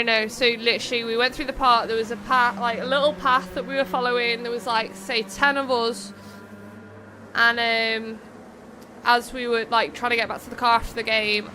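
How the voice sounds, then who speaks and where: Streaming a racing game live, a young woman acts as host and chats in a rambling, casual way, reading viewer messages aloud and going off on tangents. Her voice is on the high side, and there's background noise.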